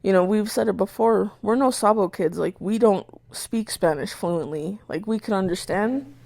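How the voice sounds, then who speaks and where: A young woman co-hosting a podcast tells a story in loose, animated casual chat, swearing a lot and bursting into the shouted lines she quotes from herself. Her mid-pitched voice, at normal speed with vocal fry, is recorded close and dry with no room sound or echo.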